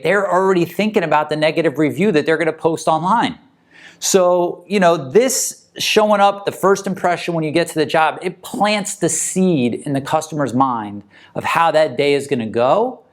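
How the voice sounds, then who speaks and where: A man coaching moving company owners in a casual motivational talk, talking conversationally and often checking in with the listener. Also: fairly high pitch. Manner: conversational, tag questions.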